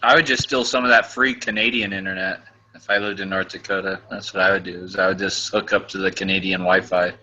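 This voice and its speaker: A man's voice: deep voice, flat delivery, brisk, sharp tone, highs cut off. A man in casual voice chat, joking crudely and padding his talk with "like.". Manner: crude, laughing banter full of "like".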